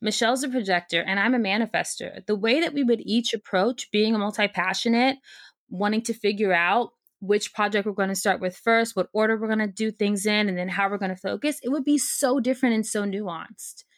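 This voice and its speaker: An energetic woman talks as a guest coach in a casual podcast chat. She is emphatic and frank, and drops in the odd swear. Her voice sits at a middle pitch and the sound is dry and close. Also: fairly quick, no room sound.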